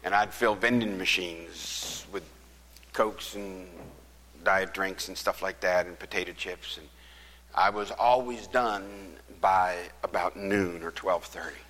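Slow husky preacher in a church hall. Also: male voice, low voice, fairly even intonation, a bit bright. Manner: folksy, earnest testimony. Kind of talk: sermon storytelling.

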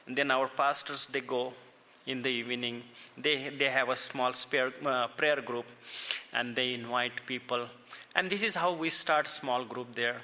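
A man speaking informally about church outreach in villages, halting and searching for words in simple phrasing. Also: mid-range voice, fairly even intonation, bright, forceful tone, big-room sound. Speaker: church worker describing village ministry.

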